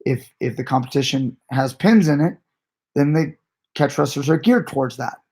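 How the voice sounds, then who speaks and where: A man's voice: mid-range voice, moderate pace, darkish tone, husky. A man coaching grappling, chatting on a late-night live stream in a rambling, conversational way that often restarts sentences. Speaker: jiu-jitsu coach and channel host.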